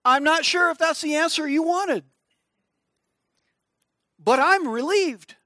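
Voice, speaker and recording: A middle-aged man preaching, telling a personal story in an animated way and acting out screams and small voices. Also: very high voice, no room sound, clean studio sound. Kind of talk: storytelling sermon.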